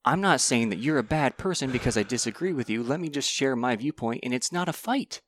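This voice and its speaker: A man's voice: mid-range voice, lively intonation, fairly quick, a bit bright, no echo. A man in casual conversation, thoughtful and asking probing questions. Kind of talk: casual podcast chat.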